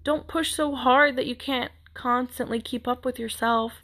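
A woman's voice: high voice, fairly even intonation, moderate pace, a bit bright. A young woman hosting a podcast, talking in a candid, rambling, encouraging way with many "like" fillers. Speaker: podcast host. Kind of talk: casual motivational monologue.

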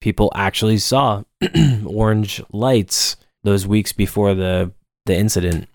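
A man co-hosting a podcast, chatting casually about a film with quick asides and frequent laughter. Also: lowish voice, steady tone, no echo, studio quality. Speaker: podcast co-host. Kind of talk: casual film recap chat.

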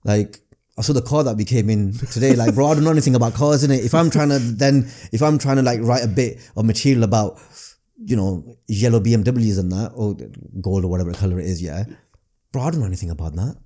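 A man with a Northern English accent, a comedian guest chatting casually on a podcast, talking quickly and restarting phrases with repeated words. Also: medium pitch, dark tone. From Northern England.

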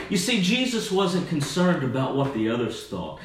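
A man's voice: sits high, big pitch swings, normal speed, distant mic, slight background noise. Man preaching in an echoey room. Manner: earnest, conversational preaching with fillers. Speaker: youth pastor. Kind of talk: sermon.

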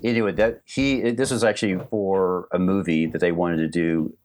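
A man's voice: low-pitched, fairly even intonation, moderate pace, darkish tone, a little hiss or hum. A middle-aged man casually telling rambling stories about his animation career on a livestream, full of fillers and restarts.

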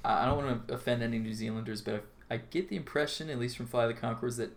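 Casting: male podcast co-host, rambling casual chat, mid pitch, light room noise. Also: fast, vocal fry. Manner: rambling, laughs often.

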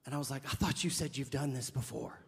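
Animated preacher man in a reverberant hall. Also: medium pitch, fast, creaky, slightly rough. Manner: animated, jokey storyteller acting out dialogue. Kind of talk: sermon with comic storytelling.

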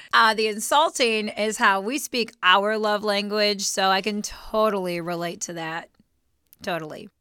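A woman co-hosting a casual faith podcast, playful and quick with reactions. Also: mid-range voice, pushed and bright, clear, resonant tone, no echo, clean studio sound. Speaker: podcast co-host.

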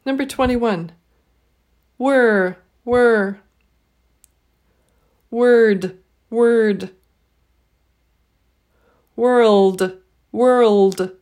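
A woman leading a pronunciation drill, saying each word twice, clearly and slowly. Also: a little high, darkish tone. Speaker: pronunciation teacher. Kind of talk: slow, deliberate pronunciation drill.

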